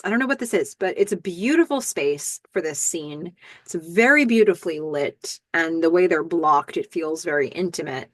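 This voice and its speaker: A woman's voice: on the low side, normal speed, no echo. Chatty woman podcaster, dry close sound. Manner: chatty, lots of fillers and "I don't know", excited outbursts. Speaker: podcast host recapping a TV episode. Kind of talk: casual recap, retelling scenes.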